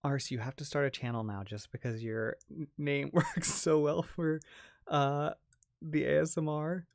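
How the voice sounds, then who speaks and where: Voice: medium pitch, fairly even intonation, a little slow, vocal fry, dry recording, studio quality. A young adult ASMR creator hosting a casual livestream, chatting and reading out chat messages, with frequent giggles and a lot of "like". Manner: chatty, lots of "like" and restarts, giggles often.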